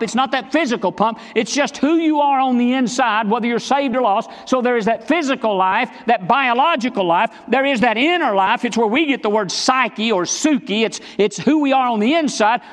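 A high-pitched male pastor delivers a sermon with emphatic, repeated phrases and pointed questions to the congregation. His voice rings out in a large church sanctuary, trailing a long reverb. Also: a bit bright. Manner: emphatic, repetitive preaching with direct questions.

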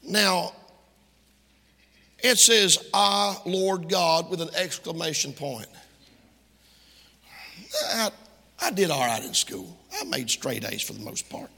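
A man preaching, his high, bright voice swinging wildly in pitch. He talks in a folksy, joking way and then breaks into shouting. It is husky and rings with long reverb in a church sanctuary. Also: very animated, slow, pauses often. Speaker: Baptist preacher. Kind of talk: lively sermon.

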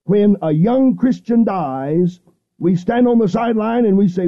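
High-pitched preacher guy on old radio, fervent, repeats himself, dull lo-fi sound. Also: expressive. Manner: fervent, repetitive preaching with emphatic pauses. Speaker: radio evangelist. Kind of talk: radio sermon. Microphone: studio microphone, seated.

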